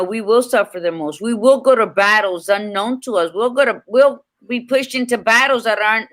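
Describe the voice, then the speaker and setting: Woman cohost on a video call from her hotel room, bright voice, animated, swears a bit. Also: mid-range voice. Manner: animated storyteller, swears casually. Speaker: podcast co-host. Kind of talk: casual chat.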